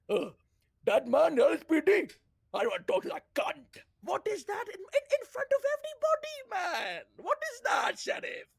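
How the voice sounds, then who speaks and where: A man's voice: extremely high pitch, darkish tone, dry recording. A man playing an aggrieved, theatrical man who files a complaint and slips in and out of a put-on accent. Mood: wounded. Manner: keeps saying "brother" and "right?", theatrical pleading. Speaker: role-play character. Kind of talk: game role-play.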